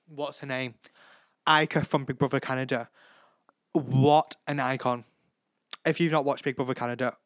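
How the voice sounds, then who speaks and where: A young man chats alone on his podcast, gushing and rambling from one thought to the next and swearing freely. His voice sits at a middling pitch, and the sound is dry and close. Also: a bit bright, dry recording. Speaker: podcast host. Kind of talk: casual solo podcast chat.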